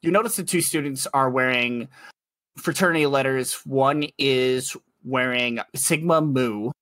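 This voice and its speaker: Laughing game master in a dry room. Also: male voice, medium pitch, measured pace, fairly bright tone, no echo. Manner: chatty, laughs often, self-correcting. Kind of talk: narrating a tabletop game.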